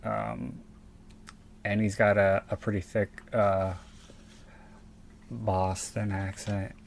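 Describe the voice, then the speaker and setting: A man's voice: on the low side, little pitch movement, takes it slowly, vocal fry, slight background noise. A man with a South Philadelphia accent, co-hosting a casual podcast and rambling through profane asides. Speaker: podcast co-host. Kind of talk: casual chat.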